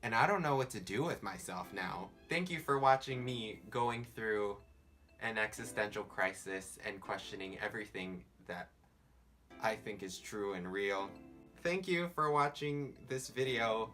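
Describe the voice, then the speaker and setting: A man's voice: fairly low pitch, lively intonation, a little slow, bright, forceful tone. A young man with a Southern California accent, rambling casually in a vlog and filling his talk with "like.". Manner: rambling, lots of "like" fillers. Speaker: vlogger. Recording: faint background music.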